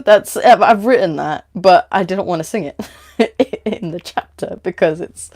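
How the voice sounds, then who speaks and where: Giggly, halting woman streamer. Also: medium pitch, lively intonation, darkish tone. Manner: halting, many fillers, giggly and self-deprecating. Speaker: streamer reading her own story. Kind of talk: casual livestream chat and reading aloud.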